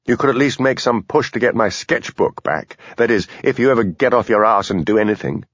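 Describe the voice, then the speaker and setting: A man's voice: mid-range voice, brisk, a bit bright, breathy edge, no room sound, lo-fi sound. A man reading aloud, voicing a rude, dramatic young woman in her twenties who speaks with scorn. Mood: scornful. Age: 20s. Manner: scornful, demanding.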